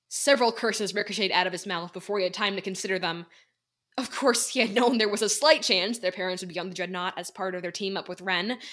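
A woman's voice: mid-range voice, a bit bright. Teen girl narrating an audiobook. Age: teens. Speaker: co-author and narrator.

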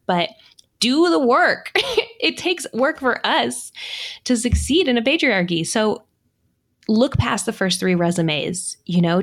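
A woman co-hosting a podcast in casual chat, earnest and emphatic, quick to laugh. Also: medium pitch. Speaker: podcast co-host.

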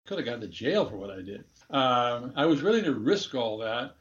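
A man's voice: mid-range voice, sing-song, moderate pace, dull audio. An older man, a former diplomat, telling a rambling, candid anecdote in a casual interview. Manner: candid, rambling anecdotes with chuckles and self-corrections.

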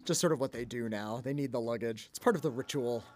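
A man's voice: medium pitch, fast, soft background music. A man co-hosting a film podcast, chatting casually about a movie and often laughing as he talks.

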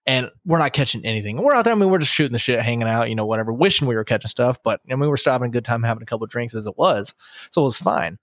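A man's voice: mid-range voice, rapid-fire, no echo, clean studio sound. A man in his thirties hosting a podcast, telling fishing stories in casual chat and acting out what he and his friends said. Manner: animated storyteller, quotes himself and friends. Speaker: podcast host.

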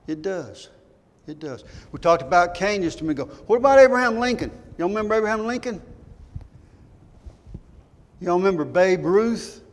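Older man, sermon, folksy and questioning, fairly high voice, long church reverb. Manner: folksy storytelling, rhetorical questions. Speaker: preacher. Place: church sanctuary.

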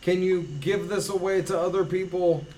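A man's voice: high-pitched, steady tone, moderate pace, mellow. A man telling stories with profane laughter. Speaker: podcast co-host. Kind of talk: casual chat.

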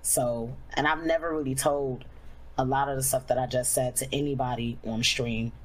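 The audio is poor as a young woman streamer, her voice a rumbling low with a steady tone, candidly relates a personal story. Her casual telling is full of fillers, and she slows down whenever she turns reflective.

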